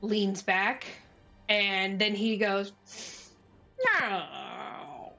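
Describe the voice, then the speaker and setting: A woman running a tabletop game, narrating the scene in an easy, halting way full of fillers. She speaks slowly at a middling pitch, with soft music playing behind her. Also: highs cut off. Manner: casual, halting, many fillers. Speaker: dungeon master.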